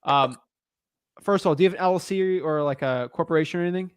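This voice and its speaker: A man's voice: on the high side, quick pace, clear, resonant tone, no room sound. A man coaching a newcomer on a call, blunt and frank, calling him man and dude. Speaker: real estate wholesaling coach.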